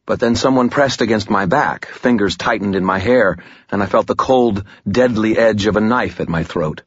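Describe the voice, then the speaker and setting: A man narrating a fantasy audiobook in the first person, with tense, measured storytelling. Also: fairly low pitch, slightly rough, dry recording, lo-fi sound.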